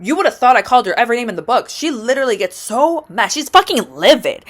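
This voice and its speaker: A woman's voice: fairly high pitch, sing-song, fast talker, hardly any pauses, a little hiss or hum. A young adult woman telling a personal story in a casual, rambling way, full of fillers and swearing. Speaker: vlogger.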